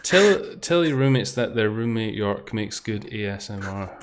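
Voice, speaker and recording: A man's voice: fairly low pitch, expressive, moderate pace, slight background noise. Chatty male streamer, laughing and swearing. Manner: laughing, swearing, talking to himself. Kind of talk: casual game commentary.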